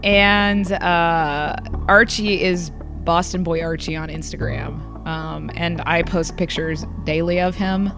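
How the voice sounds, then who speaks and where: A young woman guest at a comic convention, chatting in a rambling way with many fillers and laughs, her voice a little hoarse. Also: fairly low pitch, fairly even intonation, slow pace, hardly any pauses, music in the background. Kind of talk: casual interview chat.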